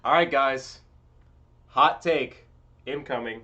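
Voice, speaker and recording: A young man streaming live, giving casual, blunt and profane commentary that swings between loud outbursts and low mutters. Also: lively intonation, measured pace, pauses often, muffled recording.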